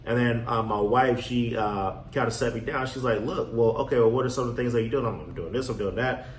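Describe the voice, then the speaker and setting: A man coaching on real estate wholesaling in a casual motivational talk, acting out his own past with lively energy. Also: mid-range voice, brisk. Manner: animated storyteller, acts out his younger self. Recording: echoey room, faint background noise.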